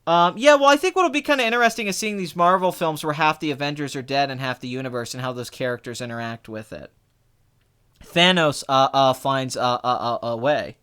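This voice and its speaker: A young man casually chatting as a film review podcast co-host, animated and quick to act out what people said. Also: clear, resonant tone. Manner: animated, mimics people in high excited bursts. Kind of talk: casual chat.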